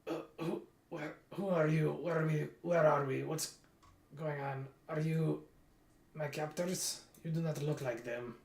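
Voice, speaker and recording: A man's voice: on the high side, steady tone, gravelly, a little mellow. A man doing a starved prisoner with a Russian accent. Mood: confused. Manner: bewildered, halting. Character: weary, starved human male prisoner. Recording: roomy echo.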